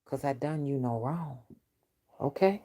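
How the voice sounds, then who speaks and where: A woman root worker speaking straight to her viewers in a stern, confrontational monologue that drops into low, menacing whispers. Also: lively intonation, a little slow. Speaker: spiritual reader and root worker.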